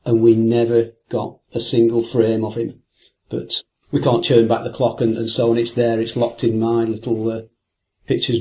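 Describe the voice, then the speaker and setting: This older man, a fisherman, has a mid-range, slightly mellow voice. He reflects on fishing anecdotes in an interview, rambling and often hesitating or starting over.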